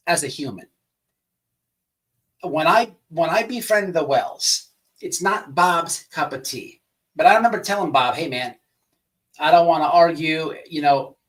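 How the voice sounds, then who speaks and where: A man's voice: on the high side, far from the mic. A man hosting a casual livestream, telling stories in a rambling, profane way and greeting people in the chat. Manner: animated, profane, rambling storyteller. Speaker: livestream host.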